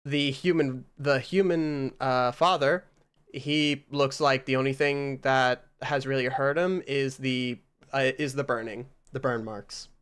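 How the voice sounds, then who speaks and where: A man's voice: mid-range voice, steady tone, measured pace, a bit bright, smooth. A man narrating a tabletop game as game master, casual and loose, with plenty of fillers.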